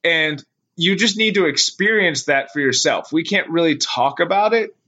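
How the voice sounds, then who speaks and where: A man's voice: a little high, expressive, normal speed, sharp tone. Laughing middle-aged man, podcast co-host. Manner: laughs often, swears casually. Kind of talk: casual chat. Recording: dull lo-fi podcast audio.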